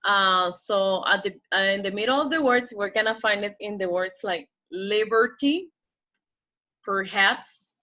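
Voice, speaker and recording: A woman teaches pronunciation at a slow, careful pace, stretching out each model word and repeatedly checking in with "okay?". Her mid-range voice is bright and clear, though the recording sounds a little dull and lo-fi.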